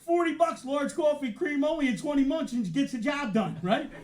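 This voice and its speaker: A man's voice: extremely high pitch, moderate pace, a little mellow, a little hiss or hum. A man doing stand-up storytelling with a punchy delivery. He keeps tagging lines with "right?" at a live comedy show. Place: comedy show in a community arts center. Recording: echoey room, live show.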